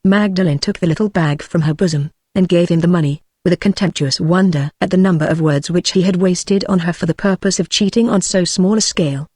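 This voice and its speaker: A text-to-speech woman's voice with a British English accent, reading a classic novel aloud at a steady, measured pace without voicing the characters. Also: fairly low pitch, dry recording, clean studio sound. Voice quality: synthetic, evenly paced. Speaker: audiobook narrator.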